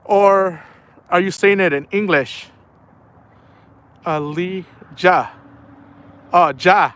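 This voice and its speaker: A man's voice: high-pitched, drawn-out words, fairly bright tone. A young man chatting casually on a night fishing live stream, playful and laughing often while reading chat aloud. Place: outdoors at night by the water.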